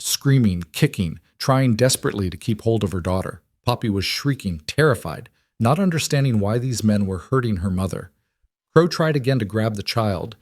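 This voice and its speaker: A man reading a western story aloud with brisk, dramatic pacing. His voice sits fairly low, and the recording is dry and close. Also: dry recording. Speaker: narrator. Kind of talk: dramatic audiobook narration.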